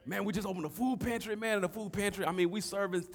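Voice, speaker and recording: Man, middle-aged, pastor, lively sermon, fairly high voice. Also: fast talker. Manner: animated, swings from soft storytelling to shouting.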